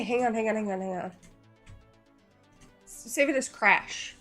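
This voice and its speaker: Chatty female streamer, slightly high voice, faint music. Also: a little slow, fairly bright tone. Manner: giggly, chatty, playful. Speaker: game streamer. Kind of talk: casual live-stream chat.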